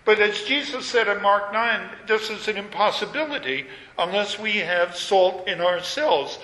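A man preaching a sermon, measured and emphatic, leaning on repetition. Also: high voice, pushed and bright. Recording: echoey hall with long reverb.

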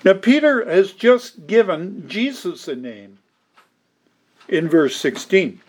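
Male pastor, higher-pitched, preaching a verse-by-verse sermon with deliberate emphasis. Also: big pitch swings. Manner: deliberate, emphatic, reads scripture aloud in old wording. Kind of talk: expository sermon.

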